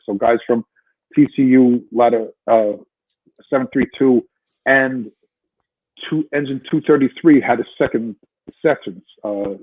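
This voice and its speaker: Husky older man on a tinny line. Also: mid-range voice, no room sound. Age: 60s. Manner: animated storyteller, frequent restarts. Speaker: guest, retired fire lieutenant. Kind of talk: casual podcast storytelling. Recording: tinny phone-line sound.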